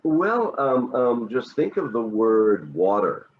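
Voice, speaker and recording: An American man, an English teacher, explaining pronunciation in a relaxed, casual chat with many fillers. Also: medium pitch, slow pace, phone-quality sound.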